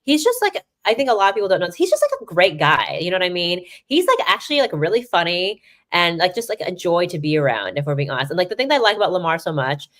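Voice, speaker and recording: A woman sports reporter chatting as a guest on an interview show, telling stories in an animated way, full of "like" and "you know". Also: fairly low pitch, quick pace. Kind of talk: casual interview chat. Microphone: remote live-stream mic.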